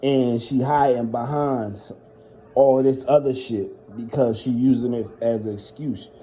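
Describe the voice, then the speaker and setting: A man's voice: mid-range voice, fairly even intonation, unhurried, dark tone, slight background noise. A man telling personal stories in a casual monologue, blunt and heavily profane as he vents. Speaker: storyteller.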